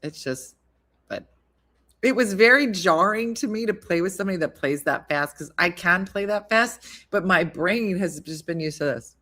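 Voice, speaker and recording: Female stream host, casual chat, storyteller, quick to laugh. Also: on the low side, lively intonation, a bit bright. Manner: chatty storyteller, laughs often. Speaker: live-stream host reading viewer comments.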